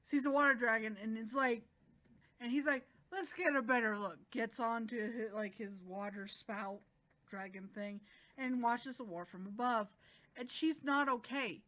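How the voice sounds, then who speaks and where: A woman's voice: fairly high pitch, unhurried. Chatty woman recapping a manga. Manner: chatty, animated, acts out quotes. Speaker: manga reviewer.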